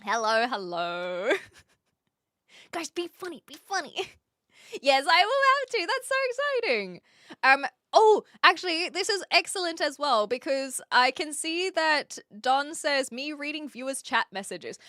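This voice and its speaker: A woman's voice: high voice, big pitch swings, a little slow, sharp tone, no echo, clean studio sound. Giggly New Zealand woman streaming. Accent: New Zealand, softened by years in Australia and the UK. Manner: giggly and bubbly, reads chat aloud, frequent laughs. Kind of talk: casual live-stream chat with viewers. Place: attic.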